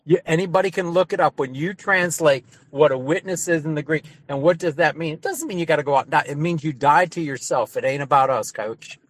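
A man's voice: on the high side, fairly quick, hardly any pauses. A man who is a pastor, preaching with emphatic repetition and sudden rising bursts during a group discussion on a video call.

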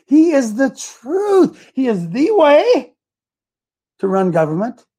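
A man giving a fiery political speech to a crowd, shouting rhetorical questions. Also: very high-pitched, huge pitch swings, takes it slowly. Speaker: speaker addressing a crowd.

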